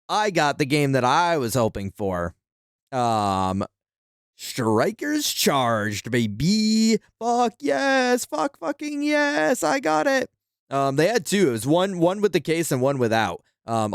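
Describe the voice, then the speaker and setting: A man's voice: medium pitch, clean tone, no room sound, clean studio sound. A man streaming a video game, chatting casually and animatedly, swearing freely and laughing often. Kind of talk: casual live-stream chat.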